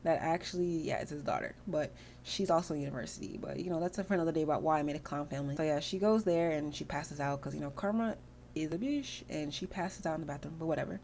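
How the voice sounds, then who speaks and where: A woman's voice: low voice, fast, a little mellow, slight background noise. A woman hosting a gaming channel, giving rambling, chatty commentary over her gameplay.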